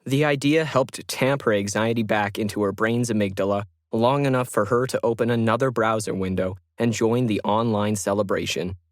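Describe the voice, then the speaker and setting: A man giving measured, scripted narration of a science fiction story. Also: on the low side, steady tone, no echo, clean studio sound.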